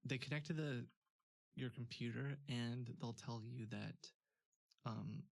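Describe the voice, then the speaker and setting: Gravelly, chatty man on a dry mic. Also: mid-range voice, takes it slowly, a little mellow, no room sound. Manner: chatty, laughing often, many fillers. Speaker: streamer host. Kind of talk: casual chat.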